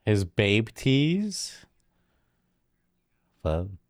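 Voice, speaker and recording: Male streamer, unhurried mocking reaction talk, close dry sound. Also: on the low side, big pitch swings, no room sound. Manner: blunt, mocking asides. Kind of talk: live-stream reaction commentary.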